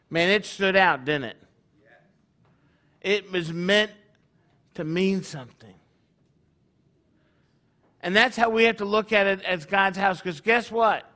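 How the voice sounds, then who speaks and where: A man's voice: high-pitched, unhurried, pauses often, bright, forceful tone. A man leading his congregation in a conversational sermon, full of rhetorical questions. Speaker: congregation leader.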